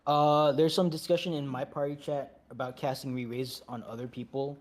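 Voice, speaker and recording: A man talks a group through a game raid over a voice chat mic. He sounds easygoing and chatty, with apologetic asides. His voice sits at an ordinary middle pitch. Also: fairly even intonation, moderate pace. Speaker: raid leader. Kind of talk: giving instructions over voice chat.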